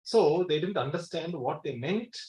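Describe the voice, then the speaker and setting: A man's voice: a little high, expressive, moderate pace, a little mellow. A man giving an academic lecture in a college seminar hall, emphatic and repeating key words. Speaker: guest lecturer.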